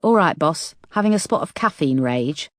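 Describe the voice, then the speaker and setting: A woman's voice: low-pitched, lively intonation, normal speed, dry recording, clean studio sound. A woman narrator voicing a blunt, wisecracking female detective who talks frankly and teases her boss. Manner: frank, teasing.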